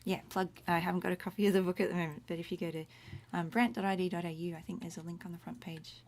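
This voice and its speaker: A woman's voice: on the low side, steady tone, quick pace, a little mellow. A middle-aged woman teaching Latin from home in a casual, chatty livestream, explaining words one by one and breaking off to comment as she goes. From Australia. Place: home room. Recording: faint room noise.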